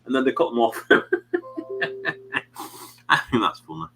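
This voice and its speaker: A man's voice: mid-range voice, lively intonation, very fast, fairly bright tone, faint music behind, rough recording. A British man hosting a live stream, chatting casually in a rambling way with many fillers. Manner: rambling, many fillers and "you know what I mean". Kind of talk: casual chat.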